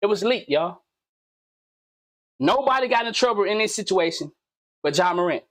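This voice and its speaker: A man hosts his own commentary channel video, talking casually and animatedly in slang with a high, expressive, fairly bright voice at normal speed. He repeats himself and fires off pointed questions.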